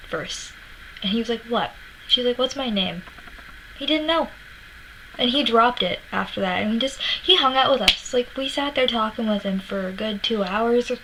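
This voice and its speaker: A woman's voice: medium pitch, fairly bright tone, slight background noise, low-quality recording. A young woman from Florida telling a story to her vlog audience in a chatty way, acting out quotes, laughing and swearing now and then. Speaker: vlogger. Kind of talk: casual storytelling.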